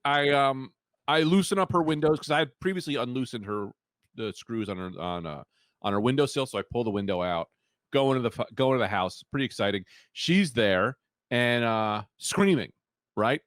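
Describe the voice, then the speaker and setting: A man co-hosting a comedy podcast, telling a rambling, deadpan story with quoted voices. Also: mid-range voice, normal speed, dry recording, clean studio sound. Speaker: podcast co-host.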